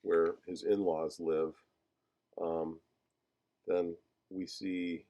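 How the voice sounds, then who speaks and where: Man, teacher, lecture, low voice, mellow, halting, many fillers. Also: level tone. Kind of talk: lecture discussing a film screenplay.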